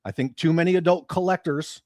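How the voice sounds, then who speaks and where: A man's voice: a little high, brisk, darkish tone, dry recording, clean studio sound. A man hosting a livestream, ranting with profanity and sarcasm about his hobby. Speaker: livestream host.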